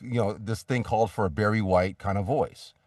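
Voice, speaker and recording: Low-voiced man, far from the mic. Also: brisk, a little mellow, no echo. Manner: rambling, many restarts and fillers, acts out sample reads. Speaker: voice actor guest. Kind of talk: casual interview talk.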